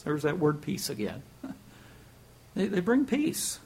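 A man's voice: sits high, wildly swooping pitch, slow pace, creaky, pauses often, darkish tone, breathy edge. A man preaching a sermon in a conversational way, telling a joke, chuckling and repeating words as he goes.

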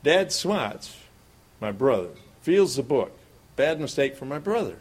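A man's voice: medium pitch, sing-song, measured pace, slightly rough. Middle-aged male preacher, folksy storyteller, sermon delivery, mid-range voice. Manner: folksy storyteller, chuckles often.

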